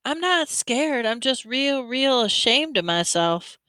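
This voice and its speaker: A shy, weepy little boy who stammers and trips over his words, as a woman reader plays him. The voice is high and bright, smooth and clear, recorded close and dry. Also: big pitch swings, no room sound, heavily acted. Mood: pleading. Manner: halting, stammering.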